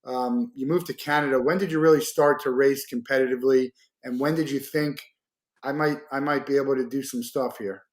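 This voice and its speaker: A man's voice: mid-range voice, fairly even intonation, fairly quick. A man hosting an interview, chatting casually and asking questions with many fillers. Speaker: podcast host. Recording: roomy echo.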